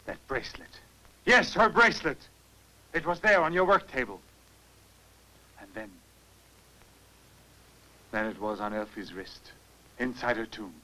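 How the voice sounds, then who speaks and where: A man's voice: sits high, sing-song, normal speed, exaggerated voice, poor audio. A frantic young man. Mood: anguished. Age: young adult. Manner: pleading, rising to anguished shouts. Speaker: young man confronting a professor. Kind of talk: dubbed film acting.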